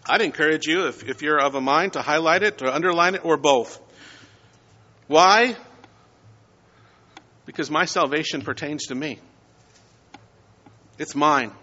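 A male pastor delivering a Sunday sermon, preaching in measured phrases and rising to emphatic peaks on key words. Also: on the high side, pushed and bright. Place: church sanctuary. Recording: dull sound with long church reverb.

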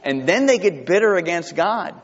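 Animated male pastor, echoing church. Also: moderate pace. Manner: animated, rising to high emphatic peaks. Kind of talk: sermon. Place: church sanctuary. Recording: dull sound with long hall reverb.

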